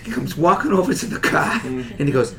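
A middle-aged man from Massachusetts, a comedian guest telling animated anecdotes with acted-out voices on a talk show. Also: on the high side, brisk, a loud crowd.

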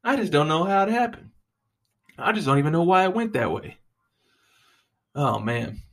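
A man's voice: on the high side, moderate pace. A young man, casually rambling and joking with lots of profanity. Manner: profane, joking, animated storytelling.

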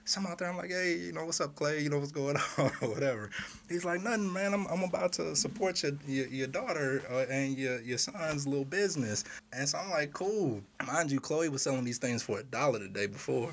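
A man in casual chat, telling a story with lively quoted dialogue and laughter. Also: fairly high pitch, brisk, gravelly, slight background noise.

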